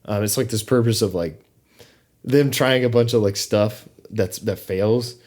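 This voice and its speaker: A young man co-hosting a podcast, talking about a film in an animated, hesitant way with fillers and laughter. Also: on the low side, measured pace. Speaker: podcast co-host. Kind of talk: casual film discussion.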